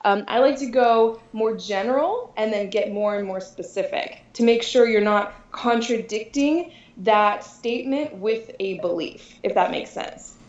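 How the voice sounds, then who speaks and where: A woman's voice: a little high, measured pace, hardly any pauses, darkish tone, echoey room, lo-fi sound. A woman being interviewed as a dating coach, chatting casually, laughing often and restarting her sentences. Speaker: podcast guest, dating coach.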